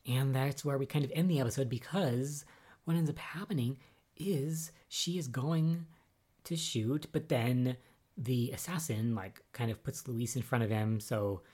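A young adult podcaster talks through soap opera episodes in a loose, conversational recap. The delivery is chatty and easily exasperated, with lots of "like" and "um". The pitch sits in the middle of the range. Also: measured pace, dark tone, breathy edge.

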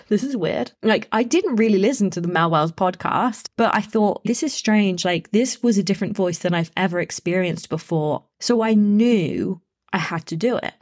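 A woman hosting her own podcast, telling a personal story in a chatty, animated way and laughing now and then. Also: medium pitch. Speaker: podcast host. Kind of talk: casual storytelling monologue.

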